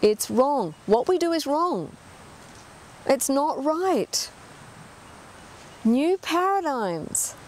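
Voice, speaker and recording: A woman's voice: high-pitched, big pitch swings, extremely slow, pauses often, a little mellow, slight background noise. A middle-aged woman giving an earnest talk as an animal communicator, emphatic and full of rhetorical questions.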